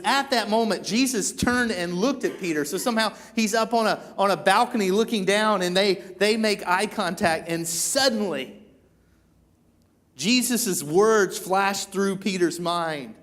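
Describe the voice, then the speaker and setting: A man preaching a sermon in a church, retelling a story and acting out the quoted lines with lively voices. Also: high-pitched, unhurried. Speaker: pastor.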